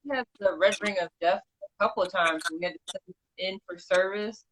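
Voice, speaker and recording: Woman co-host, mid pitch, faint background hiss, halting phrasing, casual chat. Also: a bit bright, rough recording. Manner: halting, filler-heavy phrasing. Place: home, on a live video call.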